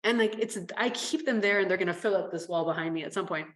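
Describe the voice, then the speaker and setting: A woman's voice: medium pitch, quick pace, fairly bright tone. Earnest woman investor giving advice. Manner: earnest, encouraging, restarts phrases. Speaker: venture capital investor and guest. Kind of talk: casual conversational advice. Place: home office.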